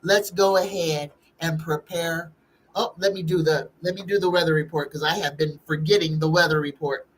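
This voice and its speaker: A woman's voice: low voice, fairly even intonation, moderate pace, rough recording. A woman, a psychic host chatting casually on a live-stream tarot reading, reading viewer questions aloud and greeting chatters by name.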